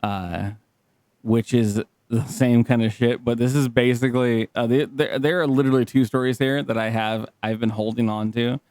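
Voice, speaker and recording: A man co-hosting a podcast in casual banter, excitable, laughing often and swearing freely. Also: mid-range voice, normal speed, dry recording, studio quality. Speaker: podcast co-host.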